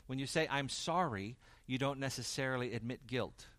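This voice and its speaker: A man preaching a sermon, swinging from loud emphasis to quiet intensity and acting out the dialogue he quotes. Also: medium pitch, steady tone, fast talker, no room sound. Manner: acts out quoted dialogue in varied voices. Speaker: pastor.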